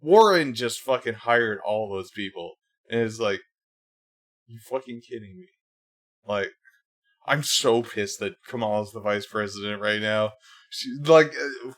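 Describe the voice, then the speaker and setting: A man's voice: mid-range voice, a little slow, a bit bright. A man hosting a livestream, ranting casually and angrily, swearing often and leaning on "like" fillers. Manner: heated, profane, many fillers. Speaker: livestream host. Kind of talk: casual political rant.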